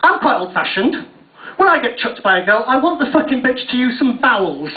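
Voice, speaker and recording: Sweary self-mocking comic on stage. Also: male voice, very high-pitched, sing-song, a little fast. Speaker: stand-up comedian. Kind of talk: stand-up comedy routine. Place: on stage at a university venue. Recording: tinny, distant, echoey live recording.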